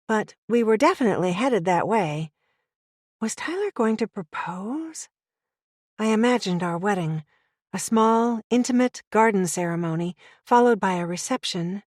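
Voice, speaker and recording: A woman's voice: medium pitch, no room sound, studio quality. Woman reading a first-person audiobook. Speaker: audiobook narrator.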